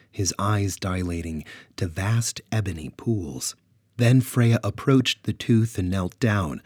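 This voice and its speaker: A man's voice: fairly low pitch, slightly rough, no room sound, clean studio sound. A man narrating a dramatic pulp adventure story. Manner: animated, dramatic.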